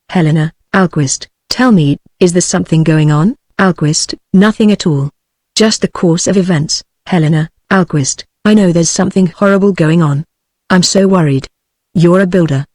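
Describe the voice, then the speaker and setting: A text-to-speech voice of a woman with a British English accent, reading a stage play aloud in one even voice, speaker names and stage directions included. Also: on the low side, dry recording, studio quality. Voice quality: even synthetic delivery with no change between characters.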